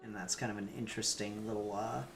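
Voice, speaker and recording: A man co-hosts a podcast about comic books, rambling casually with lots of fillers and the odd swear word. His voice is lowish, level, and gravelly, and he talks fast. The room is echoey, with faint music.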